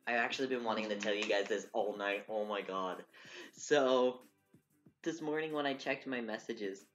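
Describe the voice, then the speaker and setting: A man streaming while drawing, telling stories in an animated way, swearing and a little drunk. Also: on the low side. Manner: animated, swearing, laughing storyteller. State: tipsy from drinking. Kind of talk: casual chat while drawing. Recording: dull lo-fi stream audio with faint music.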